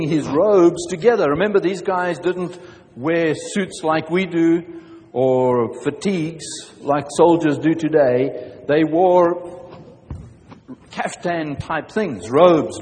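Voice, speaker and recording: A man's voice: fairly high pitch, darkish tone, in a large hall. A man preaching a sermon as pastor, earnest, often restarting his phrases. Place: church.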